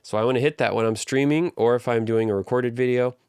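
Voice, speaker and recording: A man teaching an audio engineering tutorial in a relaxed, conversational way, walking through each step. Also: medium pitch, fast talker, smooth, no room sound, studio quality. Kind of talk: casual tutorial explanation. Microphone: studio microphone through live compression.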